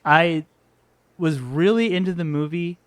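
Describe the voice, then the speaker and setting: A man's voice: a little high, a little slow, clean tone, no echo. A man co-hosting a movie podcast in casual chat, loose and swearing, laughing between remarks. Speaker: podcast co-host.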